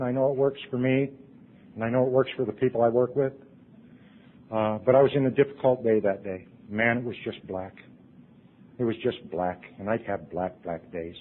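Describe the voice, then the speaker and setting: A middle-aged man giving an earnest personal testimony to a recovery convention audience, swinging from loud to hushed. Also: mid-range voice. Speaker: recovery meeting speaker. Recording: tinny lo-fi tape recording.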